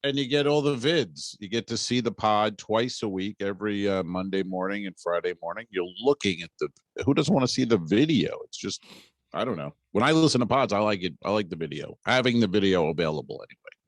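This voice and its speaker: A man's voice: on the low side, brisk, no echo. A man co-hosting a comedy podcast, grumbling dryly and rambling as he talks. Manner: dry, grumbling, rambling with fillers. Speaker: podcast co-host. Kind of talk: casual comedic podcast banter.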